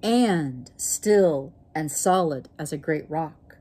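A woman voicing a wise old female turtle in a storybook reading, speaking slowly and softly. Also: deep voice, lively intonation, husky, exaggerated voice.

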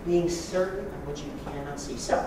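Lively preacher man in an echoey hall. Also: a little high, normal speed, recorded from a distance, background noise. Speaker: pastor. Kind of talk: sermon.

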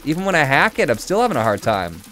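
A man's voice: medium pitch, wildly swooping pitch, fast, fairly bright tone, slight background noise. A man giving casual, chatty commentary while streaming a game and answering his chat.

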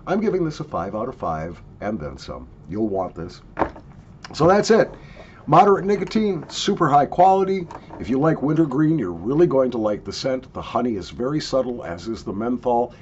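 A man's voice: medium pitch, darkish tone, muffled recording, slight background noise. A man in a casual product review, chatty and jokey, coughing and sniffing between his remarks. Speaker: snuff reviewer.

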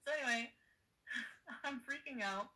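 A woman's voice: sits high, a little slow, bright, forceful tone, low-quality recording. Exhausted, giggly woman livestreaming. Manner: chatty, giggly, greets viewers by name. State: exhausted, delirious from travel. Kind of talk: casual livestream chat.

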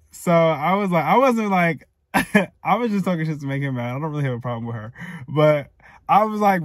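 A man's voice: fairly high pitch, dry recording, studio quality. A man in his twenties casually telling a personal story, heated and profane, rambling with many fillers and restarts. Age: 20s. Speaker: storytime vlogger.

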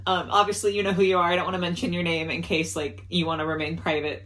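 A woman casually chatting through a doll haul video, talking with lots of fillers and soft laughs, openly emotional and grateful. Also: lowish voice, steady tone, fast talker, few pauses. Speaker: doll collector vlogger.

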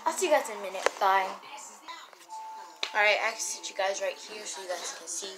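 A woman's voice: mid-range voice, expressive, a little fast, over music, low-quality recording. A woman vlogging casually from a room at home into a phone, rambling with lots of fillers and restarts and sometimes dropping to a whisper. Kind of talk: casual vlog chat. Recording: loud background noise on a phone recording.

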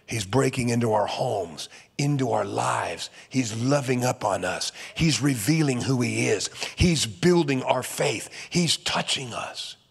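Gravelly preacher with a dramatic sermon delivery. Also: male voice, medium pitch, animated, a little slow, few pauses. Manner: dramatic, swings from hushed whispers to loud urging. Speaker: pastor.

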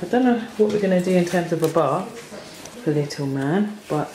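A woman's voice: lowish voice, expressive, normal speed, dark tone. A woman vlogging casually while touring a holiday rental with a handheld camera, hesitant with many ums. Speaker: travel vlogger. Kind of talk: casual vlog chat. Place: holiday rental flat, indoors. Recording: noisy travel footage.

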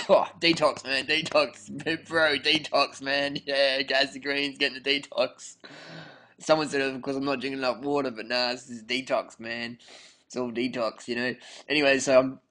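Bright-voiced laid-back slangy man. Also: mid-range voice, flat delivery, moderate pace. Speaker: comic persona of a raw-food devotee. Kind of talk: rambling comedic monologue.

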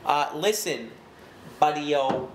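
A man making a prank phone call, putting on a mock-angry, sarcastic tone and talking down slowly to the person he is calling. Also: on the high side, lively intonation. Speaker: prank caller. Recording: echoey room with loud background noise.

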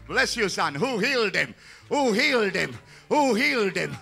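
60yo guy pastor, bright edgy voice, calling out over and over, faint music behind. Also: sits high, big pitch swings, measured pace, gravelly. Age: 60s. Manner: fervent, repetitive call-and-response. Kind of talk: healing service preaching.

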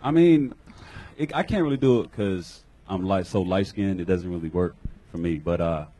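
A man from Georgia doing a live stand-up set at an open mic, halting and apologetic as he stumbles over his jokes. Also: sits low, warm tone, low-quality recording. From Georgia, USA. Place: live comedy club stage.

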